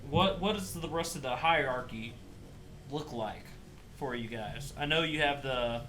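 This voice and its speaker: A man's voice: mid-range voice, measured pace, sharp tone, slight background noise. A man speaking casually and with a joking, hesitant manner while playing his character in a tabletop game. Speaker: player.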